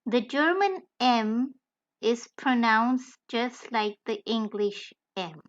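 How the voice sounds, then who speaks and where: A woman narrates a beginner language lesson at a very slow, measured pace, spelling out letters with care. Her voice sits a little high. The recording is dull and lo-fi. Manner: careful, deliberate, spells out letters one by one. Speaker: language tutor. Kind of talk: slow scripted tutorial narration.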